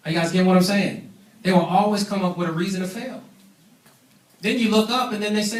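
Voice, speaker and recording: A man delivers a business training seminar in a preachy, emphatic manner, pressing his points and calling for the crowd to answer back. His voice sits high and rings through a reverberant meeting room, picked up by a mic some distance away. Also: fast talker, long pauses. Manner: emphatic, preachy, calls for audience responses.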